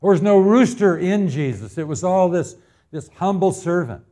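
A man from Arizona preaching a sermon as pastor, telling homespun stories and building to loud, emphatic appeals. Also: sits high, animated, moderate pace.

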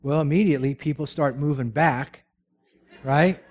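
A man's voice: a little high, normal speed, a little mellow. A man preaching a sermon, telling the story with jokes and rhetorical questions. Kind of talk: sermon with humorous asides.

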